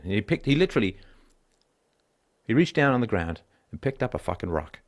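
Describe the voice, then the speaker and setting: A middle-aged man hosts a call-in show, bluntly telling personal stories laced with profanity. His sing-song delivery is a little fast, sinking low and weary before rising loud and emphatic.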